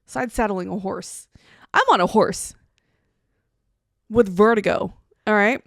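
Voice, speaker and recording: A woman's voice: mid-range voice, slow, vocal fry, fairly bright tone, no room sound, studio quality. A woman co-hosting a casual podcast who tells stories bluntly, swears freely and acts out quoted lines. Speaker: co-host. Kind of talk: casual storytelling chat.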